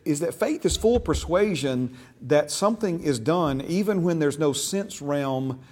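A man's voice: a little high, lively intonation, unhurried, darkish tone. A man teaching a church discipleship class, stressing key words and asking the class questions. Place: church classroom, also streamed online.

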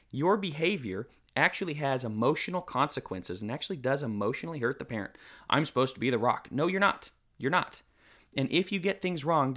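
A man's voice: mid-range voice, a bit bright. A man co-hosting a podcast discussion, arguing his points emphatically in long runs. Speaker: co-host.

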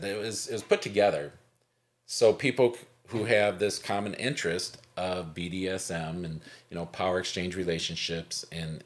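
A man co-hosting a podcast, talking casually and rambling with many ums and restarts. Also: low-pitched. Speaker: podcast co-host.

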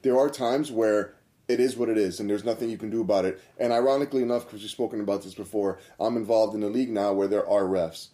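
A man with a low, warm, mellow voice talks in a relaxed podcast conversation. He is a coach of several sports and speaks earnestly and reflectively, stacking repeated phrases to drive a point home. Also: quick pace. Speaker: multi-sport coach and guidance counselor.

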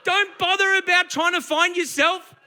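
A man preaching a sermon, emphatic and conversational, slipping into quick acted asides. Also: very high-pitched, fairly even intonation, sharp tone.

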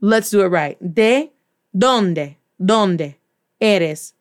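Sassy woman, language-teacher type, slow and deliberate delivery, teasing and lively. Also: mid-range voice. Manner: playful, sassy, mixing English and Spanish. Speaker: Spanish teacher. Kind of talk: casual video lesson.

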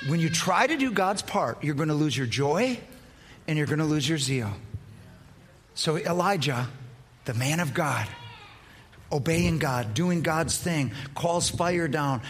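A pastor preaching a sermon, telling the story emphatically with repetition. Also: male voice, fairly high pitch, expressive, slow pace, long pauses, slight background noise.

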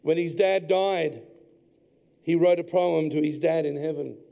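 High, gravelly older preacher. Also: male voice, measured pace, dark tone. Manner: heartfelt personal storytelling. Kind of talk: sermon. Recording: long hall reverb.

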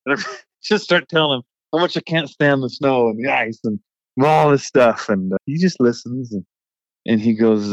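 A man who works as a trucker, hosting a podcast and telling an animated, frustrated story in casual chat with a laugh now and then. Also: mid-range voice, normal speed, no echo, highs cut off. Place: remote recording.

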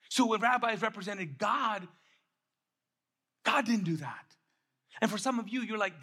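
A man preaching a sermon as pastor, acting out quotes with energy and dropping to a soft, intimate tone. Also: sits high, measured pace, long pauses, husky. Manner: animated, acts out quotes, drops to soft intimate tone. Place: church.

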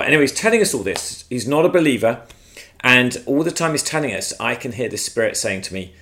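A man from England, recorded outdoors at his home and telling a faith story with lively, shifting emphasis. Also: mid-range voice, fairly quick. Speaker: guest speaker. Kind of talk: storytelling testimony on video. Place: outdoors at their home, front yard.

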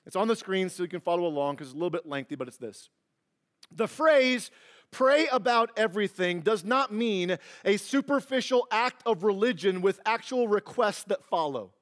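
A middle-aged male pastor with a notably high voice delivers an earnest sermon in a church sanctuary. He talks conversationally, then sinks into a hushed, tender near-whisper. His tone stays sincere and direct. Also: animated, normal speed.

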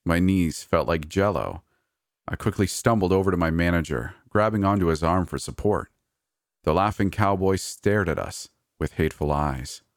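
A man reading a first-person serialized story as a scripted narration, in a measured, even manner. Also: sits low, no room sound, studio quality.

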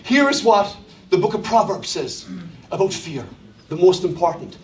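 A man with an Irish accent preaching a sermon to a church, telling jokey stories in an animated way, often laughing as he talks. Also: high voice, moderate pace, far from the mic. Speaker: pastor. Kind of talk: sermon with humorous storytelling. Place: large church hall. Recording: echoey church hall, from off-mic.

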